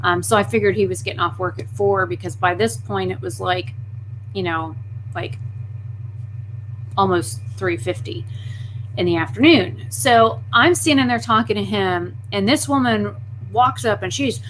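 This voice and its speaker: A woman vlogger telling a story on a casual live stream, animated and indignant, with frequent profanity. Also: medium pitch, normal speed, slight background noise, rough recording.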